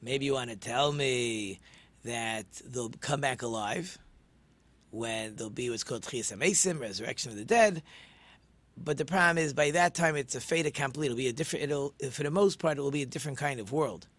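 A man's voice: medium pitch, fairly quick, a bit bright, no room sound. A man teaching an informal religious class, talking conversationally, asking himself rhetorical questions, with frequent ums and restarts. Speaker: Torah teacher.

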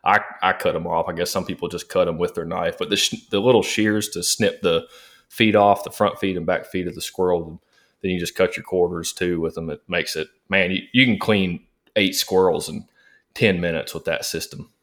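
A male podcast guest with a very deep voice. He talks with eager energy and stumbles into repeated words as he explains how he does things. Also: steady tone, normal speed, fairly bright tone. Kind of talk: casual hunting podcast chat.

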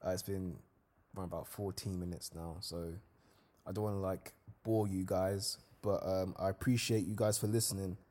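Young guy, solo podcast host, low voice, laid-back slangy storyteller. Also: moderate pace. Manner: casual slangy storytelling, lively when reliving events.

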